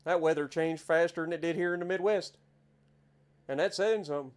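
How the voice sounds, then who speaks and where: A man with an Appalachian accent talks casually through a gameplay stream. His voice sits slightly high for a man, and he is chatty and quick to exclaim over the scenery. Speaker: game streamer.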